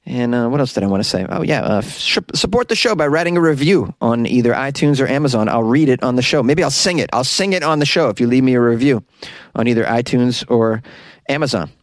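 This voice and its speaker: A man's voice: medium pitch, no room sound, clean studio sound. A man hosting a podcast, riffing on odd news stories in a wisecracking way and chuckling often. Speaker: podcast host. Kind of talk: comedic news commentary.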